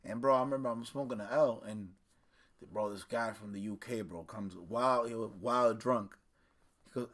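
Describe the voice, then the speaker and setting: A man's voice: lowish voice, normal speed. A man co-hosting a casual podcast, telling stories with slang and acting out the people he quotes. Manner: animated storytelling with slang, acts out quoted voices. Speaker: podcast co-host. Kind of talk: casual chat.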